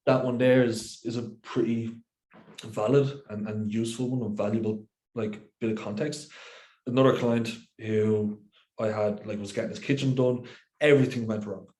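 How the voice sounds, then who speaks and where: A man's voice: fairly low pitch, fairly even intonation, normal speed, darkish tone. A man coaching and hosting a casual podcast chat, talking bluntly and swearing freely. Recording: roomy echo.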